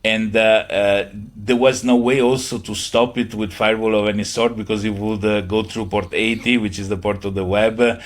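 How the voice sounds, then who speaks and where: Low-voiced man, halting speech. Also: steady tone. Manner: halting, many fillers, non-native phrasing. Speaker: guest. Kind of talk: conversational interview.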